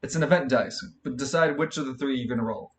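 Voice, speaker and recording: Young male game master, halting rambling narration, mid-pitched voice over faint room hum. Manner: rambling narration, many fillers and restarts. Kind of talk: narrating a tabletop role-play.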